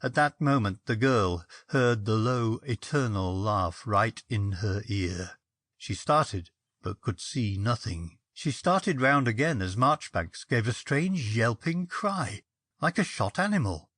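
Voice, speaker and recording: Guy reading a ghost story, measured, lively pitch, totally dry close mic. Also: no room sound. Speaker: story reader. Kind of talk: audiobook narration of a ghost story.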